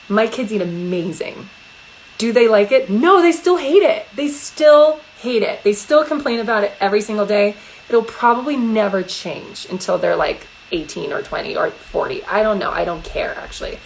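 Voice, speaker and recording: A woman's voice: fairly high pitch, creaky, a little hiss or hum, low-quality recording. A woman in her thirties hosting a casual live question-and-answer chat from home on her phone, frank and chatty with lots of rhetorical questions. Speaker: live-stream host and aromatherapist.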